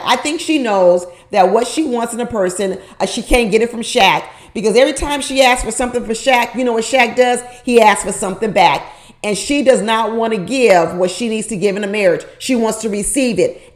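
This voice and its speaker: A woman giving casual, opinionated commentary on a reality show, repeating her points for emphasis and asking the viewer rhetorical questions. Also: fairly high pitch.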